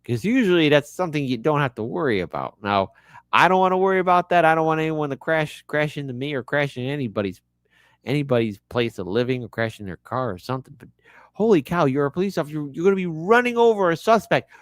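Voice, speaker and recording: A man hosting a show, commenting on news clips in a casual, animated way, with joking asides and repeated words when he gets worked up. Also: on the high side, fast, dry recording, studio quality.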